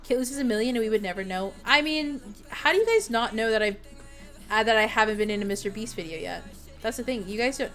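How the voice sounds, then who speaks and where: A woman's voice: fairly high pitch, expressive, fast, fairly bright tone, soft background music. A young woman streamer chatting casually with her viewers, rambling with lots of fillers and giggles. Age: young adult.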